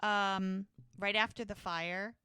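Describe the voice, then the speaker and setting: A woman's voice: medium pitch, steady tone, slow, pushed and bright, clear, resonant tone, no room sound. A woman co-hosting a podcast, chatting casually and narrating TV scenes play by play into a close microphone. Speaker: podcast co-host. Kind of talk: casual chat recapping a TV episode.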